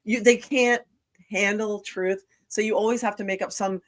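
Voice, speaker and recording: A woman's voice: mid-range voice, fairly even intonation, moderate pace. A woman hosting a podcast in casual chat, talking bluntly and swearing freely. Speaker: podcast host. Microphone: video call.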